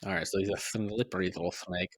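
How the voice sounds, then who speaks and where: A man's voice: sits low, fairly even intonation, fast. A man running a tabletop game as game master, narrating in a laid-back way with chuckles and fillers.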